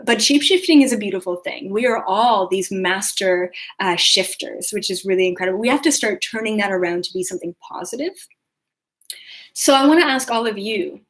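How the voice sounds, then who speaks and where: This young adult woman, a spiritual podcast host, has a medium-pitched, fairly bright voice. On her live video she talks loosely with plenty of fillers, acting out her own thoughts as quoted lines.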